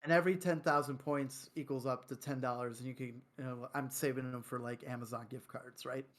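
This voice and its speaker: A man with a Chicago accent co-hosting a casual podcast, chatty and quick to laugh. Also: medium pitch, steady tone. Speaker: podcast co-host. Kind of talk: casual chat.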